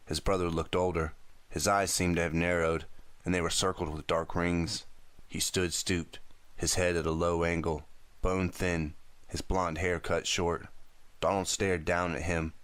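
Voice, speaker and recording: A man reading a teen thriller audiobook aloud in a steady, dramatic storytelling manner. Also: low-pitched, normal speed, dry recording. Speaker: audiobook narrator.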